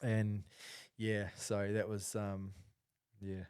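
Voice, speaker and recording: A man's voice: on the low side, monotone, extremely slow, darkish tone, smooth. A man, co-hosting a casual podcast and telling a story with lots of fillers and restarts. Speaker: podcast co-host.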